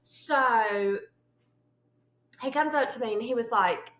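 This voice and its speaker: A young woman co-hosting a chat podcast, her voice bright and a touch high. She tells stories in a rush and acts out every line she quotes. The room around her is noticeably echoey. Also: slow, long pauses. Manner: animated storyteller, acts out quotes with sudden yelps. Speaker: podcast co-host. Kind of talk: casual chat.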